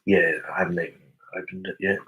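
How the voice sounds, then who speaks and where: A man's voice: sits low, level tone, quick pace, pushed and bright, husky, low-quality recording. A young Australian man on a casual live stream, reading viewer comments aloud and answering them.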